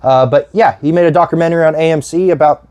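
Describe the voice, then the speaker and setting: A man's voice: fairly high pitch, fairly even intonation, quick pace, a little mellow. A young man talking casually about his disc collection, rambling, swearing freely and losing his train of thought.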